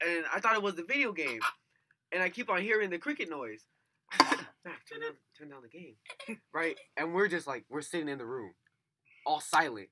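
A man's voice: fairly high pitch, animated, brisk, very noisy. A man co-hosting a casual podcast, rambling through a story and checking in with "right?" as he goes. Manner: rambling, retells events with "like" and "right?". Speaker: podcast co-host.

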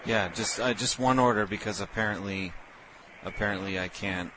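Low-voiced brash male prank caller. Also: moderate pace, noisy background. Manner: brash, crude and deadpan-forward. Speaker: prank caller and show host. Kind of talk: prank phone call.

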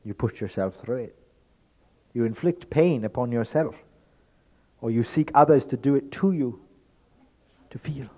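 A man giving a spoken lecture in an emphatic, rhetorical way, swinging between loud stresses and hushed asides. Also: mid-range voice, unhurried, long pauses. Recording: dull lo-fi recording.

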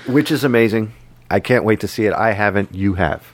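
A man's voice: on the low side, a little fast, dry recording. A man in his forties co-hosting a film chat, trading teasing, joking banter in a casual way. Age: 40s. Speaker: podcast co-host.

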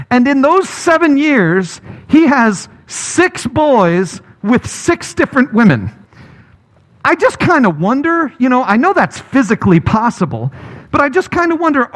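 A man preaching a sermon as pastor at a church gathering, retelling scripture in lively casual storytelling, his voice muffled by a face mask. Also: high voice. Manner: lively storytelling, paraphrasing characters in casual speech.

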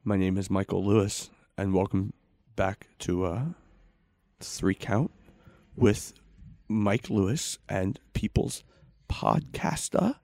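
A man's voice: low voice, level tone, slow, warm tone, no room sound. A man playing a nervous, rambling podcast host in a comedy sketch.

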